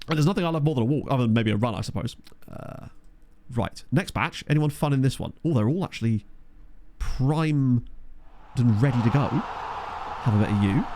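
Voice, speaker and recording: A man from Essex with a soft home counties accent and a slight Essex twang, chatting casually and rambling jokily to viewers during a game stream. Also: medium pitch. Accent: soft Essex home counties English. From Essex, England. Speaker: streamer playing a management game. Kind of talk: casual live-stream chat.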